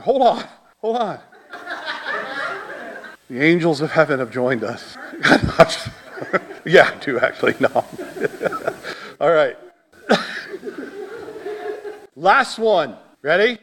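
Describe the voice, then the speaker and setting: A middle-aged man preaching to his church in a fairly high, lively voice. He drops low and quiet to tell a story, then climbs to loud, high-pitched shouts as he drives a point home. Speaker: pastor. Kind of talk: sermon.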